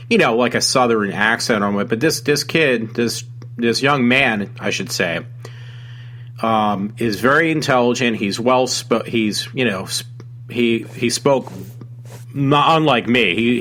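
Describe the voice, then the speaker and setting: A man's voice: medium pitch, fairly bright tone. Man, talk show host, rambling, lots of ums, faint noise and hum. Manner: rambling, many ums and restarts. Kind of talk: casual solo talk show.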